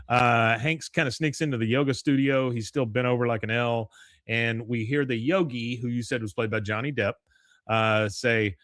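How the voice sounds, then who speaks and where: A man's voice: medium pitch, normal speed, a bit bright, no echo, clean studio sound. A man co-hosting a podcast, casually retelling episode scenes and quoting lines between laughs. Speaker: podcast co-host. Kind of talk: casual episode recap chat.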